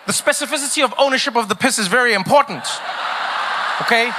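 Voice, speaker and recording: A man performing a stand-up comedy routine, riffing in an animated, mock-puzzled way and acting out quotes. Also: very high voice, fast, heavy background noise. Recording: reverberant hall, faint ambience.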